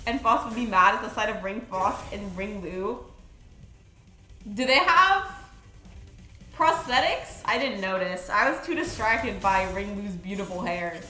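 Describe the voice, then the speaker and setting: Young woman rambling excitedly on stream, bright lively voice, echoey room, faint music. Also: on the high side, unhurried, pauses often. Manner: chatty, excitable, rambling with fillers. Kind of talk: casual live-stream chat. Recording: roomy echo with faint music.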